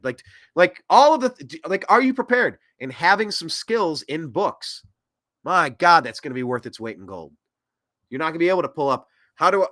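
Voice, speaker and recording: A man hosts a political commentary show, ranting in an animated way. His voice is higher than most men's and bright, and it leaps up and down in pitch. The sound is dry and close. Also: no room sound. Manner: animated ranting, swings loud and soft. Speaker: host.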